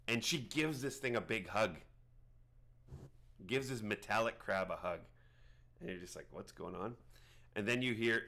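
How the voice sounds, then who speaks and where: A man narrating a tabletop game as game master, rambling with many halting restarts. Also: lowish voice, bright, forceful tone.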